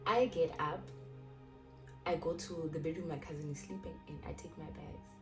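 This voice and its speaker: A young South African woman telling a personal story in a chatty, animated way, often restarting her sentences. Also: sits low, moderate pace. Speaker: YouTuber. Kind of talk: casual storytelling. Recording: distant mic with loud background music.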